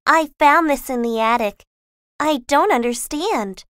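A man's voice: very high voice, a little slow, a bit bright, no echo, clean studio sound, pitched above the performer's own voice. A man voicing an earnest young girl, the eldest sister, in an audiobook reading, with an emphatic, pleading manner. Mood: upset.

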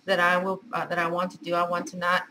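A woman's voice: lowish voice, monotone, quick pace, background noise. A middle-aged woman chatting at home as a craft vlogger, gushing and effusive as she shows off gifts. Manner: gushing, effusive, repeats praise words. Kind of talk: casual unboxing chat.

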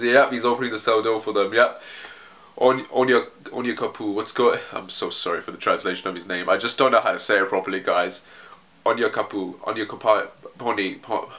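A man's voice: lowish voice, a bit bright. A man casually commenting on a manga chapter as he reads, rambling and swearing, with frequent restarts. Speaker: manga reaction video host.

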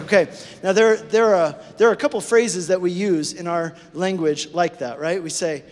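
A man preaching a sermon to his congregation, conversational and animated, often checking in with them. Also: high voice, a little fast. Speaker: pastor. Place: church sanctuary. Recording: preached in a hall with long reverb.

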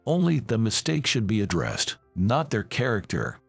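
A man narrating a scripted first-person story in an earnest, steady way. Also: lowish voice, moderate pace, vocal fry, breathy edge, dry recording, faint music behind.

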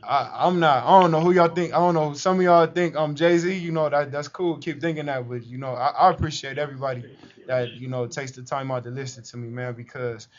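A man's voice: medium pitch, steady tone, brisk. A man, a rapper guest on a talk show, joking around in laid-back slangy banter. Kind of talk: casual banter. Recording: dull lo-fi live stream audio.

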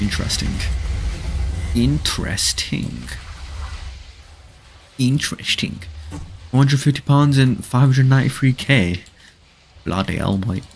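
A man's voice: mid-range voice, a little mellow, slight background noise. A man hosting a casual live gaming stream, reading viewers' chat aloud, answering it and repeating short stock praise in a laid-back way. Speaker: livestream host.

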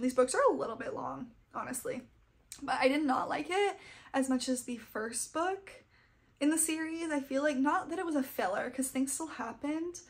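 A young adult woman chatting casually about books she read, gushing and fangirly. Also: high voice. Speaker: book vlogger. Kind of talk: casual book wrap-up chat.

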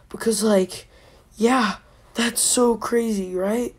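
A woman telling a rambling comic story, animated and breathless, with many repeated words, sudden drops to a whisper and siren noises. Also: medium pitch, slow pace. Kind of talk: comedic improvised story time.

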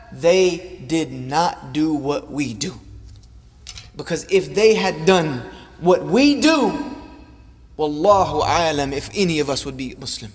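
A man's voice: on the high side, big-room sound. A man preaching a sermon in an impassioned voice that rises and falls, repeating lines for emphasis. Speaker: Islamic preacher. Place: large hall or mosque.

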